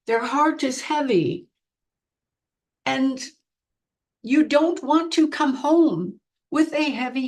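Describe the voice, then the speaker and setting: Very slow, halting woman medium. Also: sits high. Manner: slow, halting, phrase by phrase, earnest. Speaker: spiritual medium. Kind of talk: channeled spiritual message.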